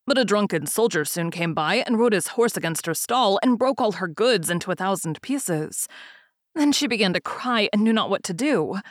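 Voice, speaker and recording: A woman narrating a fairy tale aloud in a calm, even storytelling manner. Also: mid-range voice, normal speed, no echo, clean studio sound.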